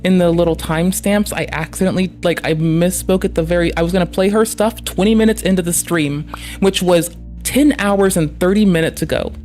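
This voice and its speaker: Annoyed streamer, mid-pitched voice, sarcastic and swearing constantly, faint music underneath. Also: fairly even intonation, a little fast, darkish tone. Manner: heated, sarcastic, heavy swearing. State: annoyed and frustrated. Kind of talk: livestream reaction commentary.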